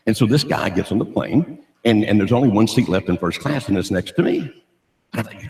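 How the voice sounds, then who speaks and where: Older man, deep gravelly voice, lively storytelling sermon, echoey church hall. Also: brisk. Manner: jokey, asks the audience questions. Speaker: guest speaker at a church. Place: church auditorium.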